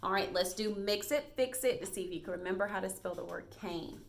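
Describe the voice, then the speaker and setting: A woman teaching a first grade reading lesson on video, speaking in a bright, encouraging classroom voice with plenty of praise. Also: mid-range voice, brisk, vocal fry, a little hiss or hum. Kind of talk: recorded video lesson for young children.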